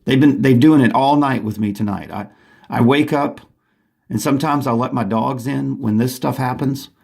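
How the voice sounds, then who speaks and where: Guy ranting from home, gravelly husky voice, all worked up. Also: medium pitch, normal speed, darkish tone. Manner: urgent and agitated, with restarts. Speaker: vlogger. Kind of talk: rambling monologue to camera.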